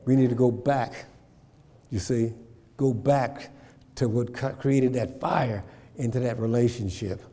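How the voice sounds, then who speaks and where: A man's voice: mid-range voice, unhurried, dark tone, in a large hall. A man preaching a sermon, repeating phrases and checking in with his congregation. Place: church.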